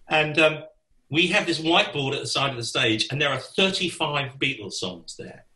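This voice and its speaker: A man, telling a lively anecdote as a podcast guest, laughing and swearing casually as he goes. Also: mid-range voice, reverberant, poor audio. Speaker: guest musician. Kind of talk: anecdotal storytelling.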